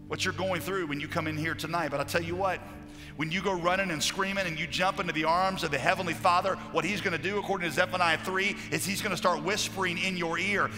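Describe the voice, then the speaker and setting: A man preaching a sermon as a pastor, passionate, moving from loud declarations to hushed storytelling. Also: sits high. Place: large conference hall. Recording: live hall recording with long reverb and faint music.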